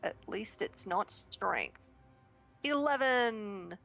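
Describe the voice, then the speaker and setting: A woman's voice: medium pitch, animated, extremely slow, creaky, a bit bright, soft background music, low-quality recording. A woman playing a tabletop game, plainly describing what her character does. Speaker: player.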